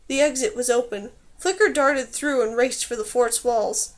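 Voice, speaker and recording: A woman reading a fantasy novel aloud in steady, clear scripted narration. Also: high-pitched, moderate pace. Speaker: audiobook reader.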